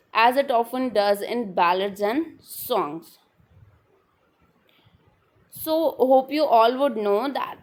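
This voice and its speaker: A woman explains a literary term in a lecture, repeating her definitions and pausing on fillers. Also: fairly high pitch. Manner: repetitive, restating definitions with frequent fillers. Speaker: literature teacher.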